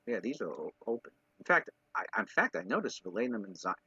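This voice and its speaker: A man running a tabletop game, talking through the map in halting, restart-filled sentences. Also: on the low side, big pitch swings, bright, forceful tone, husky, no echo, muffled recording. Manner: hesitant, full of restarts while checking the map. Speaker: game master. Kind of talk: casual tabletop game chat.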